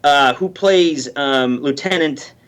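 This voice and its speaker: A man chatting on a podcast over a video call, halting and repeating words as he tells stories. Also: on the high side, fairly bright tone, clean tone. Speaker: guest actor and producer. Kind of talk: casual podcast chat.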